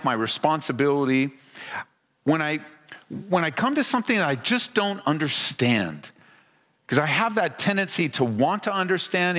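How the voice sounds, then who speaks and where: A man's voice: on the high side, bright, forceful tone, in a large hall. A man preaching as a pastor to a congregation, talking in a conversational way and firing off rhetorical questions with frequent restarts. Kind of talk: sermon. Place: church hall before a congregation.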